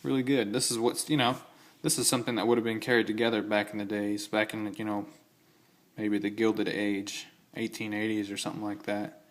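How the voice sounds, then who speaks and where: Low-voiced man rambling about his knives. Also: little pitch movement, brisk. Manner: rambling, self-correcting, enthusiastic asides. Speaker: knife collector showing his gear. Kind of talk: casual show-and-tell vlog.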